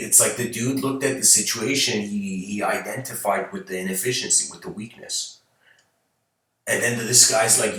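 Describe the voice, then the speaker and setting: Male host telling a story as a rambling lecture, low voice, bright tone. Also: moderate pace. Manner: rambling, hesitant, many fillers and restarts. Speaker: channel host giving a talk. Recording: very echoey room, far from mic.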